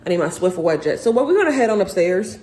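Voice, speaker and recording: In a relaxed clean-with-me video shot in her bathroom, a young pregnant woman talks quickly to her viewers, sounding breathless. Her voice is fairly low with big pitch swings, a crowd can be heard behind her, and the home room is echoey with faint noise.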